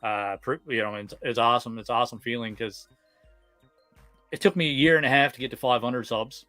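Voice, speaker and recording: Fast-talking Newfoundland man, bright voice. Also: mid-range voice, steady tone, no room sound, soft background music. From Newfoundland, Canada. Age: 30s. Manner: fast-talking, slangy, laughs often. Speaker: livestream host. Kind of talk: casual livestream chat.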